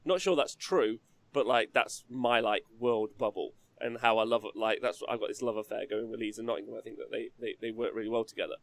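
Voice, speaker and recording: A man's voice: mid-range voice, a little fast. A man from England, hosting a casual, rambling chat show, swearing and laughing as he talks. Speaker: podcast host.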